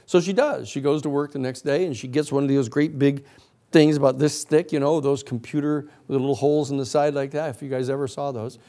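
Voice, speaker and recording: A male lecturer telling a long story to a class in a rambling, animated way full of "you know" and "uh". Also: mid-range voice, brisk.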